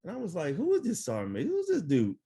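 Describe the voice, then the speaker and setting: A middle-aged retired army first sergeant tells stories in a casual interview, animated, laughing often and using plenty of fillers. His voice is high-pitched and slightly rough, and he talks fast.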